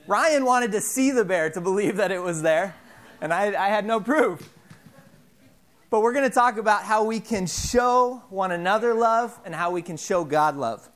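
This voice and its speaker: A man in his thirties giving an informal sermon, telling stories in a halting way with many fillers and restarts. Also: high-pitched. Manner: animated, self-deprecating storyteller. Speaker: preacher.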